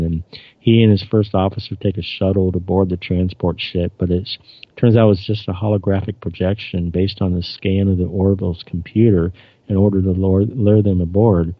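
Gravelly low-voiced man recapping casually. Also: no room sound. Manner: hesitant, with fillers and restarts, reading dialogue aloud. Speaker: presenter recounting TV episodes. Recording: dull lo-fi dry recording.

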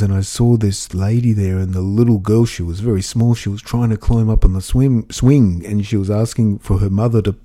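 A man's voice: on the low side, warm tone, husky. A man rambling through stories in a casual monologue, often adding "you know" and chuckling. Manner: chatty storyteller, frequent "you know" asides; amused, chuckles while talking. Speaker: vlogger.

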